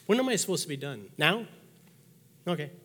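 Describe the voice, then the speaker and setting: A man's voice: a little high, sing-song, brisk, bright, forceful tone. Man in his sixties, pastor, folksy sermon storytelling, acted-out quotes, long hall reverb. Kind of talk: sermon with personal stories.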